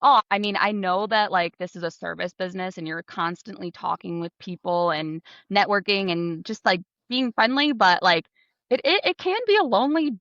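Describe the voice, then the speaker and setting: A woman's voice: mid-range voice, moderate pace, fairly bright tone, no room sound. A woman with a Connecticut accent, co-hosting a podcast in chatty talk full of "like". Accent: Connecticut, New England. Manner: chatty, leans on "like". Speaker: podcast co-host, travel advisor. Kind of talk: casual podcast chat. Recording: dull, lo-fi mic.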